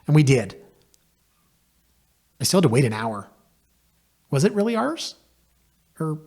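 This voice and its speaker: A man's voice: mid-range voice, breathy edge. Wry man in his forties. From Canada. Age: 40s. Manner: wry, self-deprecating, animated in the telling. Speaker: podcast host and realtor. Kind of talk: casual personal storytelling.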